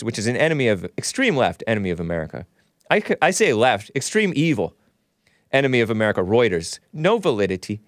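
A man's voice: mid-range voice, dry recording, studio quality. A man hosting his own podcast, delivering solo political commentary in a combative, sarcastic rant with frequent restarts and self-corrections. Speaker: podcast host.

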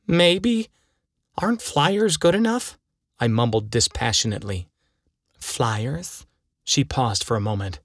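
A man narrating a humorous short story aloud in a deadpan, wry manner. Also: medium pitch, no echo, studio quality.

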